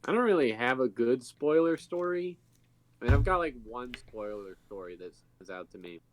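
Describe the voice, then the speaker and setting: A man's voice: mid-range voice, animated, normal speed. A man co-hosting a casual podcast, telling a rambling story with plenty of fillers. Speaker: podcast co-host. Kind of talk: casual chat.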